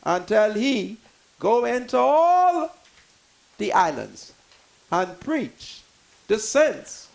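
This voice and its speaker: An older Bahamian man speaks in an unusually high voice with plenty of gravelly fry. His pitch jumps around a lot as he tells emphatic, preachy stories on a talk show, and now and then he bursts into a shout. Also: very animated, drawn-out words, long pauses, rough recording. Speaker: guest. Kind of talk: talk radio discussion.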